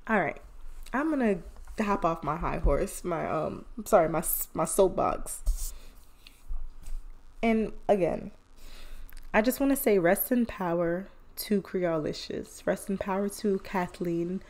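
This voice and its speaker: A woman's voice: medium pitch, darkish tone. A woman hosting a podcast, speaking in an earnest, encouraging casual monologue. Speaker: podcast host. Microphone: phone headphone mic or podcast mic.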